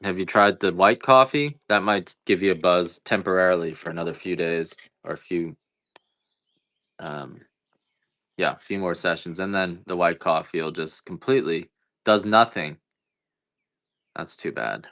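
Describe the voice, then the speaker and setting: Hosting a relaxed live-stream coffee sale, this man speaks in a low pitch at a measured pace, with long pauses and a fairly bright tone. His live-selling talk wanders, full of self-deprecating jokes.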